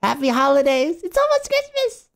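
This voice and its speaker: A man doing a shrill, squeaky cartoon greeter whose pitch leaps wildly up and down. The voice is extremely high and sing-song, bouncing through each cheerful greeting. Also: big pitch swings, moderate pace, creaky, fairly bright tone, big-room sound, heavily acted. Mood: cheery.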